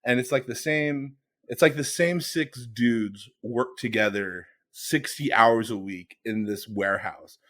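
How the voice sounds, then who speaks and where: A man co-hosting a podcast, telling a story in a casual, animated way and laughing along. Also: mid-range voice, measured pace. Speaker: podcast co-host.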